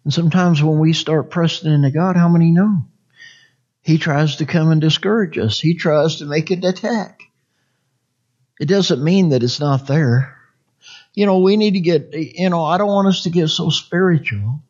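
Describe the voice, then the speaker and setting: A man's voice: a little high, normal speed, darkish tone, muffled recording. A man preaching a conversational sermon, rambling and folksy, often asking the congregation for an amen.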